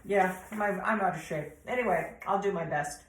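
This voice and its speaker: A woman with an American accent leading a vocal warm-up lesson, explaining patiently and breaking into sung vowel demonstrations. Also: medium pitch, moderate pace, roomy sound, low-quality recording. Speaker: vocal coach.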